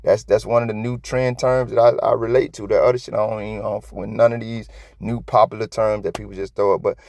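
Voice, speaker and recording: Host, male, gravelly low voice, dry close mic, profane, heated reaction commentary. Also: fast, dry recording. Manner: profane, emotional, animated rants.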